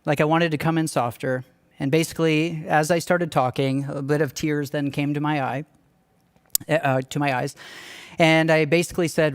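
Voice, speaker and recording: Earnest young man, slightly high voice. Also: steady tone, normal speed, clear, resonant tone. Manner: earnest, candid and conversational. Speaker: church staff speaker. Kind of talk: personal storytelling talk.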